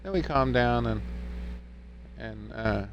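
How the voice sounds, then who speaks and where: A man's voice: mid-range voice, slow, dull audio, a little hiss or hum. A man in his twenties, a streamer, telling a story to his live stream in a rambling, laid-back way.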